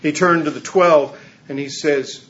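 A man preaches in a relaxed, conversational way, slipping in jokes and chuckles. His voice sits a little high. The recording is slightly muffled, with a faint background hum. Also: a little slow. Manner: conversational and humorous, with chuckles and acted asides. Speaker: pastor. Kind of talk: sermon.

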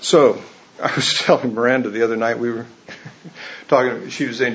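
A man's voice: mid-range voice, steady tone, moderate pace, a bit bright, lo-fi sound. A man preaching a sermon in a conversational, humorous way, chuckling as he goes. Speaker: pastor.

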